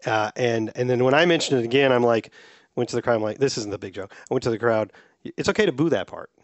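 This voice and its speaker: A middle-aged man co-hosting a podcast, telling stories in a relaxed, chatty way. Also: mid-range voice, quick pace, no room sound. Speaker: podcast co-host. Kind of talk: casual chat.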